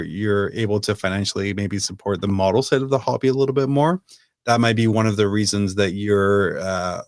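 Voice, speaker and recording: Low-voiced man hosting a podcast. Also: dry recording, studio quality. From United Kingdom. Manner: leads the discussion with questions. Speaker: podcast co-host. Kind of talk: casual chat.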